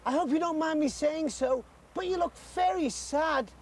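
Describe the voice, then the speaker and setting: A man voicing an eager, polite little girl in a storybook reading, sounding excited and earnest. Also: very high-pitched, moderate pace, voice pushed up.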